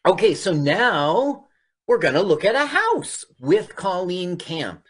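Male radio co-host, animated delivery, rambling casual film chat, quick to laugh. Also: high voice, breathy edge. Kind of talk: casual movie commentary.

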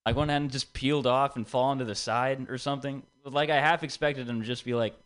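A man's voice: mid-range voice, fairly even intonation, brisk, fairly bright tone, clear, resonant tone. A young man doing an open-mic stand-up set in a small room, rambling and self-deprecating, full of fillers and "dude". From Indian heritage, grew up abroad. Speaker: stand-up comedian. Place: small comedy room, live.

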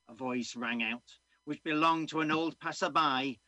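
A man's voice: a little high, normal speed, few pauses, dry recording, low-quality recording. A man from Doncaster performing a rhyming story poem at an online open mic. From Doncaster, England. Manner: lively storytelling delivery. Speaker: poet reading at an open mic. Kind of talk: performed rhyming verse reading.

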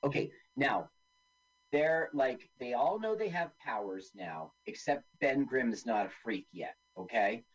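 A man chatting casually on a radio show while watching a movie, joking and tossing in quick silly voices. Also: mid-range voice, husky, highs cut off. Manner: animated, jokey, does quick silly voices. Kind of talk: casual movie commentary chat.

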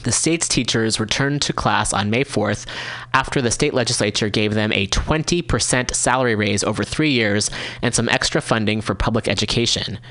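A man's voice: fairly low pitch, moderate pace, pushed and bright. Man reading news on community radio. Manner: casual, candid asides between read passages. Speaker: radio show host. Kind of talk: reading news articles aloud with comments. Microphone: studio microphone, no camera.

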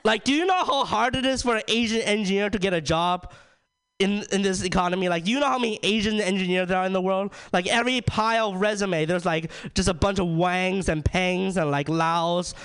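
A man's voice: sits high, a little fast, fairly bright tone, smooth. A young man from China doing a ranting, self-deprecating stand-up comedy set, leaning on "like" and "right?". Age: young adult.

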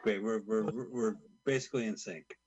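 A man's voice: fairly low pitch, steady tone, fairly quick, a little mellow. A man co-hosting a casual watch-along chat, teasing his partner in dry banter. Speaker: podcast co-host.

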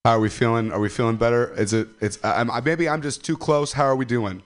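Man warming up a comedy crowd. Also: mid-range voice, quick pace. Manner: chatty, checking the crowd and the mic. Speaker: stand-up comedian.

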